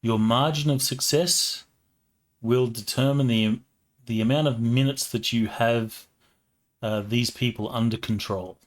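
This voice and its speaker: Relaxed male game master. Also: medium pitch, unhurried. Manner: relaxed, with many fillers. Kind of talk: narrating a tabletop game.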